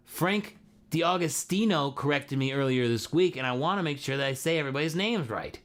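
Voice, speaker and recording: A man's voice: a little high, animated, fairly quick, fairly bright tone. A man who is a singer hosting a live stream, chatting casually with viewers in a laid-back, chatty way and laughing often.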